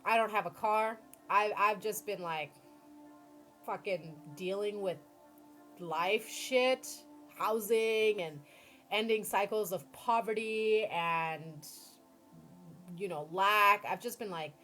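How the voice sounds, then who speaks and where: A woman giving a tarot reading on a live stream, expressive, swearing freely and acting out her own dialogue. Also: mid-range voice, slow pace, faint music behind. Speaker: tarot reader. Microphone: phone or computer mic on a live stream.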